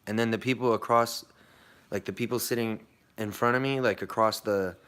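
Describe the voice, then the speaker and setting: A man's voice: lowish voice, steady tone, moderate pace, a bit bright, clear, resonant tone. A young American man telling a long story in a casual vlog, rambling and swearing, with many fillers and restarts. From United States. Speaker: vlogger.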